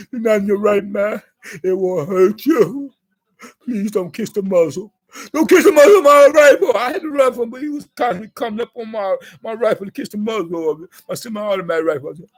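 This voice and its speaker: A self-pitying, tearful young man, as a vlogger puts him on, rambles in a very high, husky voice. He stammers, repeats himself and drags out every plea in this satirical impression monologue. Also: darkish tone. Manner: stammering repetitions and drawn-out pleading.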